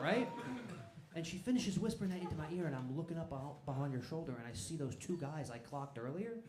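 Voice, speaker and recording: A man doing a stand-up set, telling stories fast and working the crowd, in a comedy club with a handheld mic. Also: fairly high pitch, background noise. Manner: fast, animated storytelling with crowd work. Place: comedy club stage with laughing audience. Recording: echoey club with crowd laughter.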